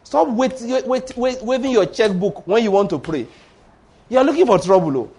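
A man preaching a sermon, animated and acting out the voices of people in his stories. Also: very high voice, normal speed, breathy edge. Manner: animated, acts out voices of Satan and church members.

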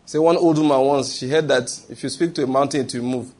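A man's voice: medium pitch, steady tone, quick pace, darkish tone. A man preaching a sermon, asking rhetorical questions and answering them himself with emphatic repetition.

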